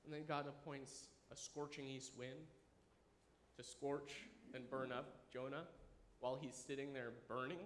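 A man in his thirties preaching a sermon, animated and enthusiastic, dropping at times to a quiet, earnest tone. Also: mid-range voice, measured pace, slight background noise. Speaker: pastor. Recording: echoey room with faint ambience.

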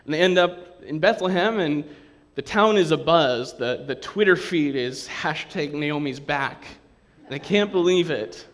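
A man preaching a sermon to a congregation, in a lively, conversational way, acting out the quotes he reads. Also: fairly high pitch, unhurried. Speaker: pastor.

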